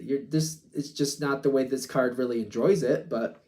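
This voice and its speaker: A man's voice: medium pitch, normal speed, a little mellow. Rambling, hedging male tarot reader. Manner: rambling and hedging, with many "like"s and disclaimers. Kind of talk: casual spoken tarot reading.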